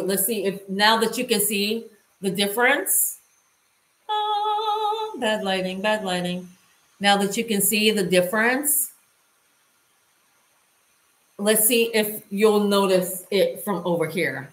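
A woman's voice: mid-range voice, steady tone, a little slow. A woman vlogger casually demonstrating a hands-on task and chatting to her viewers as she works. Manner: chatty, talks to viewers while working. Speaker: lifestyle vlogger. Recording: roomy echo.

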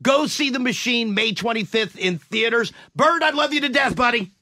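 A man's voice: very high-pitched, normal speed, pushed and bright, no echo, studio quality. A man hosting a morning radio show, chatting with a guest and gushing with praise. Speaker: radio host. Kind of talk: casual radio interview.

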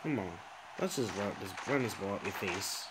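A young man giving frustrated gameplay commentary, swinging between low muttering and exasperated, swearing outbursts. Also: animated, moderate pace, heavy background noise. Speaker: gaming commentator.

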